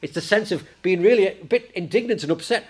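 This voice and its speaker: A man preaching a sermon in church, lively and conversational, raising his voice when he acts out the disciples. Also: sits high, fast, slightly rough. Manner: animated, acts out the disciples in a raised voice.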